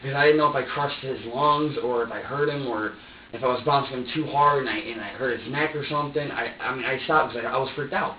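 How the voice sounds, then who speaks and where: A man's voice: mid-range voice, fairly even intonation, a little fast, a little hiss or hum. A man under police questioning who gives a rambling, profane account full of restarts and acts out what he was thinking. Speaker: suspect being questioned. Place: interrogation room. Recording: distant, echoey, dull room recording.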